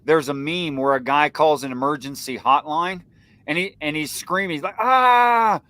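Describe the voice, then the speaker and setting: A man with a fairly high voice arguing earnestly on a livestream panel. He builds his points step by step and goes lively when he tells a story. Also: normal speed, no room sound. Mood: animated.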